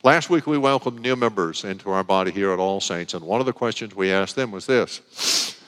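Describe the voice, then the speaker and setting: A male pastor preaching a sermon in a church, telling a story with expression and slowing down for emphasis. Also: fairly low pitch, fairly bright tone. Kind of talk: sermon with a story read aloud. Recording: reverberant church hall.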